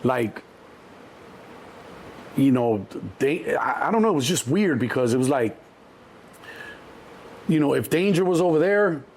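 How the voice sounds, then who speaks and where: A middle-aged man from Chicago, a guest telling animated street stories, acting out the voices in the quotes and swearing freely. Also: medium pitch, measured pace, long pauses, a little hiss or hum. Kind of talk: storytelling interview.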